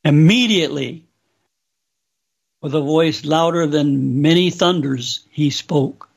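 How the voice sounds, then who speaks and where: A man slowly and solemnly recounting a religious vision as testimony. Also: fairly high pitch, gravelly. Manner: slow, deliberate, solemn. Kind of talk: slow spoken testimony.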